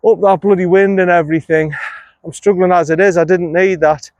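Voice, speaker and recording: A man's voice: high voice, steady tone, fairly quick, a little mellow, no echo. A man, a golf vlogger giving casual, chatty commentary while playing, talking to himself and swearing mildly. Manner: chatty, talks to himself, frequent mild swearing. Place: outdoors on a golf course. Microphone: phone camera.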